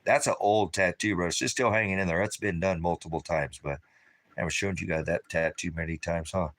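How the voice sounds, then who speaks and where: A man's voice: deep voice, fairly quick, fairly bright tone. A man rambling casually on a livestream, talking to his viewers and his dog about fish tanks. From lived in Alaska. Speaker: livestream host.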